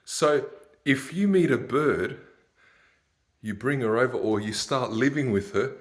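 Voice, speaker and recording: A man's voice: medium pitch, lively intonation, measured pace. Rambling sardonic man. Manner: rambling, sardonic, laughs at his own jokes. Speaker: vlogger. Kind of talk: ranting monologue.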